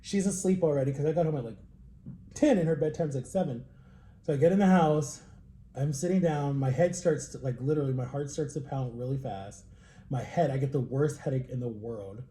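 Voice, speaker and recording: A young man casually telling a story while tasting wine, animated, acting out quotes with jumps in pitch. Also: a little fast, roomy sound, slight background noise. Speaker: vlogger.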